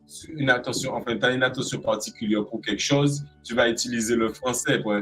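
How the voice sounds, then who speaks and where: A man's voice: mid-range voice, fairly even intonation, fast talker, fairly bright tone, slightly rough, soft background music, poor audio. A man from Guadeloupe with a Guadeloupean French accent, chatting in an interview and acting out expressions with playful voices. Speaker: creative arts specialist guest. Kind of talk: casual interview chat.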